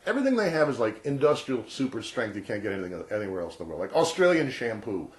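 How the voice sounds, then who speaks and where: A man's voice: lowish voice, lively intonation, fast talker. A man in his sixties chatting casually and jokingly to camera as a vlogger. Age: 60s. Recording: roomy echo.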